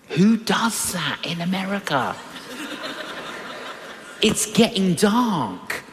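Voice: mid-range voice, slow, pauses often, slight background noise. An older preacher giving a sermon and telling personal stories, acting out the people in the stories. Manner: animated, acts out quoted voices. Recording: long reverberant hall.

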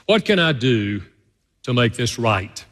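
A male pastor preaching a conversational sermon, telling stories and jumping up high in pitch for emphasis. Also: very animated, unhurried, fairly bright tone. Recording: long reverb of a large hall.

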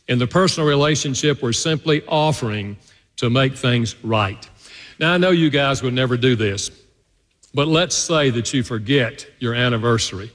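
Male pastor, sermon, animated and varied delivery, long hall reverb. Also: mid-range voice, moderate pace. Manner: animated, swings between loud and hushed delivery. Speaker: preacher. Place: church sanctuary.

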